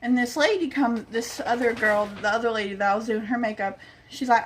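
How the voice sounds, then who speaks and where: A woman's voice: on the high side, normal speed. A young woman vlogger telling a casual story, chatty, acting out the quoted lines and swearing freely.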